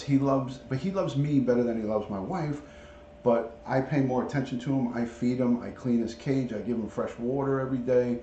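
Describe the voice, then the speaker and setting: A middle-aged man with a mellow, relaxed voice talks casually on a livestream, greeting viewers by name as he chats. He sounds like he is at home in an echoey room, with a faint hum of room ambience behind him. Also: medium pitch, highs cut off. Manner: chatty, talks to viewers and reads out chat names. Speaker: retired police detective, livestream host. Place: at home, showing a pet parrot.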